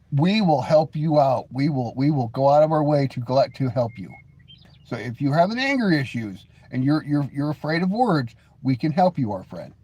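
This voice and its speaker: Male live-stream host, slightly higher voice, mocking and sarcastic, laughs a lot, restarts his words. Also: a little mellow, husky. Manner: mocking, sarcastic teasing with frequent stammered restarts; laughs often. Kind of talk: casual live-stream chat reading the chat.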